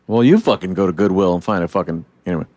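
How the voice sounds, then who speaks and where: A man with a low voice leads a relaxed podcast conversation. He swears freely and keeps acting out the scenes he retells. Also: rapid-fire, no room sound. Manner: animated, swears, acts out comic scenes in voices. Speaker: podcast host. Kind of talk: casual chat.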